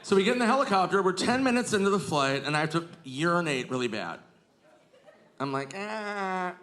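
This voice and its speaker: A male stand-up comedian telling self-mocking stories on stage in a lively anecdotal way. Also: on the high side, brisk. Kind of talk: stand-up storytelling. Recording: live club recording with crowd noise. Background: audience laughter.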